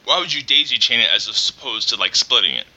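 A man's voice: medium pitch, animated, fast, pushed and bright, poor audio. A man co-hosting a casual podcast, asking curious questions and joking around. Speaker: podcast co-host.

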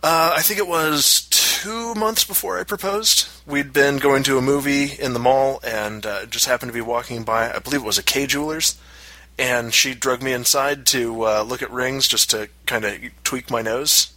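Casual podcast man, bright dry voice, animated storyteller. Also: normal speed, dry recording, rough recording. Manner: animated, acts out quotes in high voices. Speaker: podcast co-host.

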